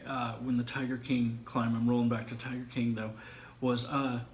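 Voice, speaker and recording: A man's voice: mid-range voice, level tone, normal speed. Male podcast co-host, dry sidekick, roomy echo and light background noise. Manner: brief agreeing replies, dry quips. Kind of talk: casual chat. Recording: echoey room with faint noise.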